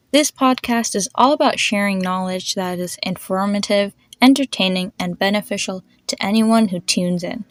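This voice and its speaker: A woman hosting a podcast patiently explains pronunciation, spelling words letter by letter and slowing down to demonstrate each sound. Her voice is medium-pitched, with no echo.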